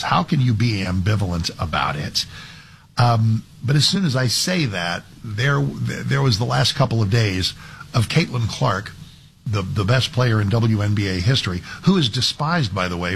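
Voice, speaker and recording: A man's voice: fairly low pitch, creaky, fairly bright tone, a little hiss or hum. A man hosting a talk radio show, giving an opinionated monologue in a conversational way with frequent restarts. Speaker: talk radio fill-in host.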